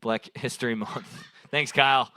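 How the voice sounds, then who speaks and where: Here a young man's mid-range voice stays steady in tone, moving at a measured pace, bright and forceful, with no room sound. He's doing loose, rambling improvised crowd work at an open mic on a small bar stage, swearing and laughing at his own jokes through a handheld stage mic.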